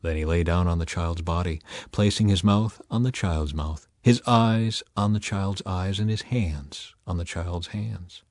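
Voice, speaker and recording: A man narrating a scripture story in a measured, deliberate reading style. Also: low voice, a little mellow, dry recording, studio quality.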